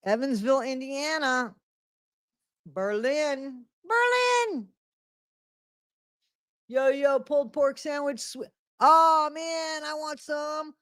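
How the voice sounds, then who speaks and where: Middle-aged woman hosting a home live stream; chatty, repeats herself, slightly high, dry mic. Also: fairly bright tone, no room sound. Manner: greets viewers by name, repeats phrases. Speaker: livestream host. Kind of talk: casual live-stream chat.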